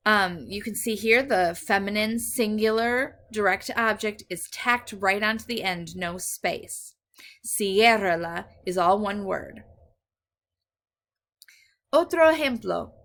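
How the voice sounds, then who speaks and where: A woman's voice: mid-range voice, fairly bright tone. Patient woman teaching Spanish. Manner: patient, explains step by step, switches between English and Spanish. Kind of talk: recorded grammar lesson.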